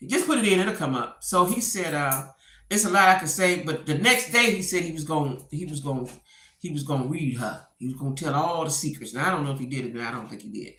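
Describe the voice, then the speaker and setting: Animated woman dishing gossip in an echoey room. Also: low-pitched, quick pace. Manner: animated storytelling, acts out quotes. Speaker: gossip commentator. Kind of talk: casual commentary.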